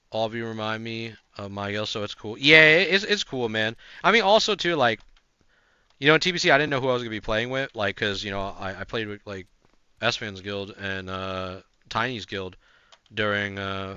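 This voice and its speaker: A man streaming a video game, chatting casually to his viewers, rambling with fillers and swearing, breaking into frantic yells in fights. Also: lowish voice, clean tone, dry recording, highs cut off. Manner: laid-back, swearing, rambling with many fillers; bursts into frantic yelling during fights. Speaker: gaming streamer. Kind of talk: casual live-stream chat while gaming.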